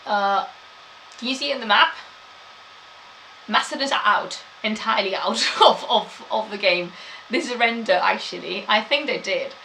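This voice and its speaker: A woman's voice: mid-range voice, moderate pace, vocal fry, pauses often, pushed and bright, a little hiss or hum, rough recording. A woman gives a chatty live-streamed history talk, laughing often and answering chat.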